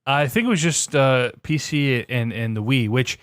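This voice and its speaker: A man's voice: mid-range voice, normal speed, clear, resonant tone, dry recording, studio quality. A man co-hosting a casual gaming podcast, telling stories with lots of energy and frequent swearing. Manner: animated storyteller, swears freely. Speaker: podcast co-host.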